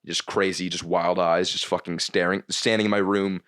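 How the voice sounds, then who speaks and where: Man, low-pitched, rambling podcast story, lots of restarts and cursing. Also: little pitch movement, moderate pace, a bit bright. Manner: rambling, many restarts, frequent swearing. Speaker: comedian guest.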